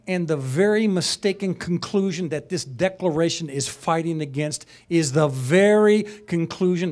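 A man with a slightly high, somewhat mellow voice delivers a sermon-style lesson. He stays conversational yet passionate, building to emphatic peaks and dropping in asides and chuckles.

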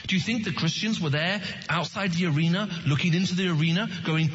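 A man's voice: high voice, fast, few pauses, dull audio, noisy background. A man giving an earnest evangelistic talk to an audience, often asking them questions. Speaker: Christian apologetics speaker.

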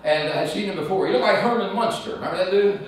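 A man preaching a sermon as an evangelist, telling a folksy personal story with lively, acted-out voices. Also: sits high, quick pace. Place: church sanctuary. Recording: echoey church, mic from a distance.

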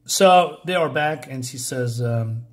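A man's voice: medium pitch, takes it slowly. A man giving a casual, rambling review of a comic book, drifting into asides with frequent fillers.

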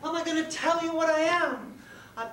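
A woman's extremely high, fairly bright voice moves fairly quickly as she performs solo on stage as a giggly, flustered female goddess-in-training talking straight to the audience. The recording has a distant mic, an echoey live room and background noise.

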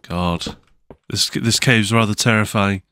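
A man's voice: lowish voice, steady tone, unhurried, bright, forceful tone, clear, resonant tone. A man giving casual, nervous commentary while playing a video game, with frequent startled exclamations and self-mocking asides. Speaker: gaming channel host.

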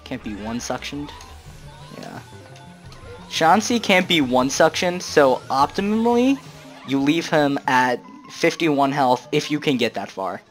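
A young man hosting a casual let's-play, joking, excitable and full of slang as he comments on the game. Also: fairly high pitch, unhurried, soft background music. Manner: slangy, joking, excitable, says "bro" a lot. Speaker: gaming channel host.

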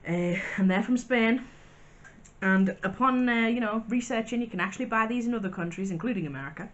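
A woman in a casual vlog, reviewing sweets and crisps in a chatty, wry way with little asides. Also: fairly high pitch, fairly quick, lo-fi sound. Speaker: vlogger.

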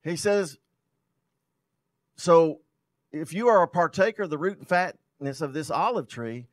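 A male pastor preaches in a fairly high voice, reading scripture aloud and then unpacking it for his congregation. His loudness swells and drops for emphasis as he drives his points home. The recording is close and dry, with no room echo. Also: measured pace, pauses often. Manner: loudness rising and falling sharply for emphasis. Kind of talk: sermon.

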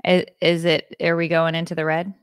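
A woman's voice: fairly low pitch, little pitch movement, normal speed, smooth, no echo, clean studio sound. A woman co-hosting a podcast at home, chatting casually in a rambling way with crude jokes. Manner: rambling, laughing, crude joking. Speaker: podcast co-host. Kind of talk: casual chat. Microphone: podcast microphone.

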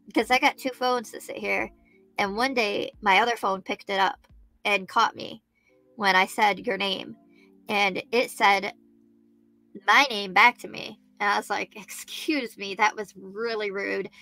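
A woman hosting a true crime livestream, reading a news story aloud, thinking out loud and chatting with her viewers by name. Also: mid-range voice, steady tone, measured pace, gravelly, no room sound, soft background music. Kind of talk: live-stream chat, reading news aloud.

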